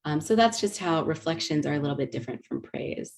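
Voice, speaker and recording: A woman's voice: low-pitched, lively intonation, brisk, creaky. A woman presenting an online teaching webinar over a video call mic. She explains patiently, with frequent ums and restarts. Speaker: workshop presenter.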